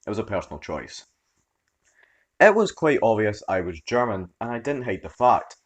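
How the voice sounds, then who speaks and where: Expressive low-voiced male narrator. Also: normal speed. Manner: expressive storytelling read. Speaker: story narrator. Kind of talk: scripted narration.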